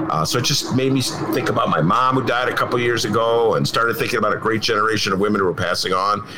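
A man's voice: low-pitched, fairly bright tone, slight background noise. A middle-aged man hosting a political talk show, opinionated and sarcastic, slipping into mocking impressions. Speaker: podcast host.

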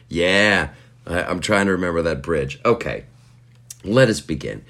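A man's voice: low-pitched, expressive, slow, creaky, fairly bright tone. A man hosting his podcast in a rambling, self-mocking comic monologue full of fillers and restarts. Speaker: podcast host. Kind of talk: casual comedic monologue.

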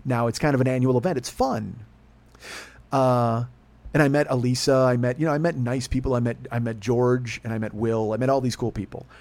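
Fast-talking man telling a story. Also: mid-range voice, steady tone, a little mellow. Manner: profane, rambling, self-deprecating. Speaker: podcast host. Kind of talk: casual storytelling monologue.

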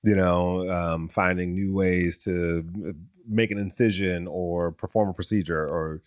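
Low-voiced joking podcast host, a man. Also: steady tone, no room sound, dull audio. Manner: quick, joking, rambling with fillers. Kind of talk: casual conversation.

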